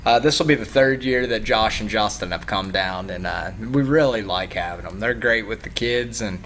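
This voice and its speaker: A man's voice: on the low side, moderate pace, fairly bright tone, a little hiss or hum. Laid-back male youth wrestling coach. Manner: laid-back, with many fillers and laughs. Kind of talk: casual TV interview.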